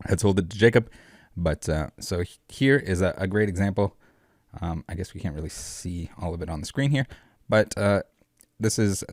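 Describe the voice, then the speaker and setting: A man's voice: deep voice, darkish tone, no room sound, clean studio sound. A man hosting a collectibles commentary vlog, rambling and sarcastic with many filler words. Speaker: collectibles channel host.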